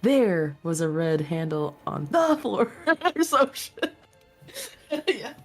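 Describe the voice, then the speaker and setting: A woman's voice: mid-range voice, sing-song, takes it slowly, soft background music. A woman chatting while gaming on a stream, giggling and teasing. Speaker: co-player. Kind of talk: casual game stream chat.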